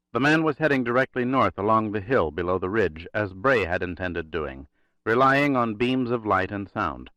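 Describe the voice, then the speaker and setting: Low-voiced male audiobook narrator. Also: a bit bright, no room sound. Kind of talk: scripted thriller narration. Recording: dry, slightly dull recording.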